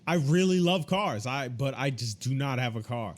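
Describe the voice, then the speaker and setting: A man co-hosting a podcast in casual chat, talking in a measured, reflective way with some stammered starts. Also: medium pitch, lively intonation. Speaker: podcast co-host.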